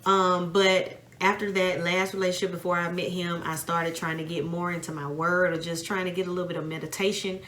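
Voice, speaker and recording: A woman's voice: fairly low pitch, little pitch movement, a little fast, hardly any pauses, fairly bright tone, a little hiss or hum. A Southern American woman in her thirties, co-hosting a podcast and talking casually and reflectively. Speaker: podcast co-host. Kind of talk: casual chat.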